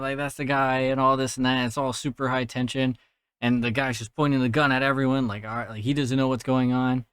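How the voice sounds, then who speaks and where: Young dude on his podcast retelling a movie, cussing a lot, middle pitch, dry close sound. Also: fairly bright tone, clear, resonant tone, no room sound. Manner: profane, laid-back, laughs at his own jokes. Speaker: podcast host recapping a film. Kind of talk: casual solo movie recap.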